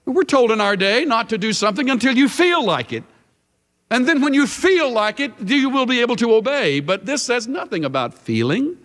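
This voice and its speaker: Male bible teacher preaching, slow, swoopy emphatic voice, big echoey hall. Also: extremely high pitch, big pitch swings, fairly bright tone. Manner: emphatic, dramatic shifts of emphasis. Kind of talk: sermon.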